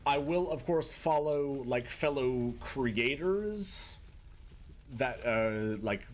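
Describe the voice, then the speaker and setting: Slow and expressive in a mid-range voice, a man gives live gaming commentary in a put-on Boston and New York accent. He's chatty, talking to chat while he plays and throwing in mock-tough asides.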